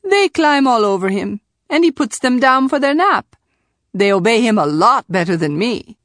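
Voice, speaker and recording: Audiobook: woman voicing a chatty, flustered middle-aged nanny, higher and brighter. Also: big pitch swings, moderate pace, no echo, clean studio sound. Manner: mildly shocked, chatty. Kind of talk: audiobook character voice.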